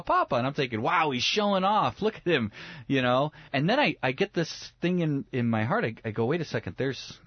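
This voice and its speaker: A middle-aged man preaching as a pastor, telling a personal story in a lively way and acting out his own reactions. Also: medium pitch, dry recording. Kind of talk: storytelling sermon. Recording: dull lo-fi radio recording. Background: faint guitar music.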